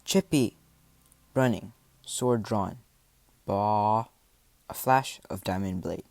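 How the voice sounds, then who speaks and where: A man reading a first-person adventure story aloud, with dramatic delivery and voiced shouts and animal sounds. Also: sits low, measured pace, creaky, no echo. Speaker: audiobook narrator.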